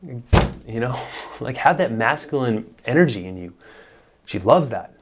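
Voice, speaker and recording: A man's voice: medium pitch, lively intonation, unhurried, husky. A man, a marriage therapist, giving blunt, emphatic advice straight to camera with casual swearing. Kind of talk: direct-to-camera advice talk.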